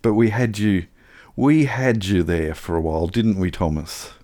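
Warm and fairly low in pitch, this middle-aged man's voice moves at a moderate pace. He's telling a lengthy, sincere, meandering tale stuffed with fillers as part of the banter on a comedic bluffing panel game.

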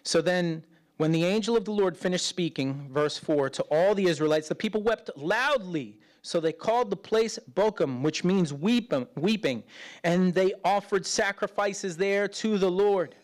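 A man's voice: sits high, moderate pace. Conversational middle-aged male pastor preaching. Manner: conversational preaching, acts out quoted voices, lively shifts between loud and hushed. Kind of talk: sermon.

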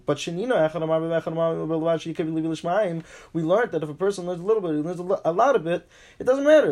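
A man teaching a Talmud class, reading each line and paraphrasing it in English, animated, with frequent restarts. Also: creaky. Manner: animated, pitch jumps for emphasis.

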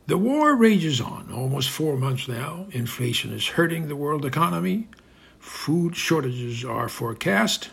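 A man narrates the opening of a satirical commentary with a dramatic, announcing delivery. His voice is gravelly and very husky. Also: mid-range voice, sing-song, a little slow.

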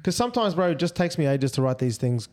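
Fast-talking young man. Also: fairly high pitch. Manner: fast, animated, swears a lot, acts out exchanges. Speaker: podcast co-host. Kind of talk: casual chat.

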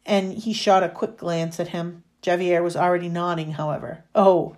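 A woman reading a novel chapter aloud in a steady storytelling manner. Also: fairly low pitch, moderate pace. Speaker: reader.

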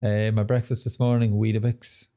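Laid-back Scottish man, mellow voice. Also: fairly low pitch, flat delivery, normal speed, smooth. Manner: laid-back, self-deprecating. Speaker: podcast host. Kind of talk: casual chat.

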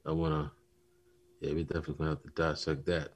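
Husky deep-voiced man telling stories. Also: quick pace. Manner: animated storytelling, acts out movie lines. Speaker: podcast co-host. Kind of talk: casual chat.

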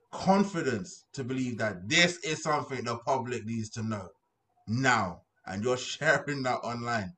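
A man's voice: mid-range voice, pushed and bright. Give me a young man making blunt points on a casual podcast. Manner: blunt, argumentative. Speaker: podcast co-host. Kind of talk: casual chat.

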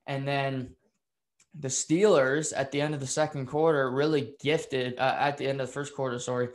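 A man giving an unscripted, opinionated recap of a football game, rambling with fillers and restarts and getting heated over calls he dislikes. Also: mid-range voice. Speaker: football commentator.

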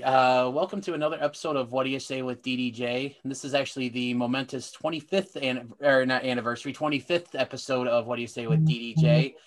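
Male podcast host, mid-pitched, easygoing and a bit rambling. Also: fairly bright tone. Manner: easygoing, with many "uh" fillers and restarts. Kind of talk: casual interview hosting.

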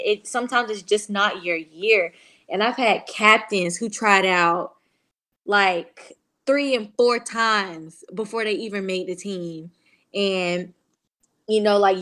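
A young woman guest on a podcast, chatting in a casual and excited way, with lots of likes and you-knows. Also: mid-range voice. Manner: chatty, excited storytelling with many fillers. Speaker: guest, former pro cheerleader.

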